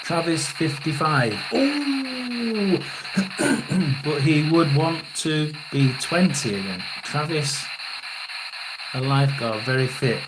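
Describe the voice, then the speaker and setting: A man in his sixties doing a live tarot and spirit reading as a psychic medium, halting and rambling, often clearing his throat. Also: fairly high pitch, expressive, noisy background.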